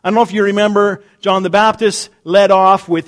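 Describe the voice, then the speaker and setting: A middle-aged man preaching a sermon, humorous, swinging between loud emphasis and quiet asides. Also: high-pitched, steady tone, fairly quick. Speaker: pastor.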